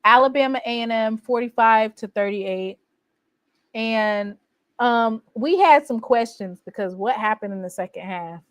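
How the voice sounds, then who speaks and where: A woman with a fairly high voice gives a casual, boastful sports recap, teasing rival fans with animated outbursts. The sound is dry and close, with no room around her. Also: measured pace, no room sound. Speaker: college football fan vlogger. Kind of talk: casual trash-talking recap.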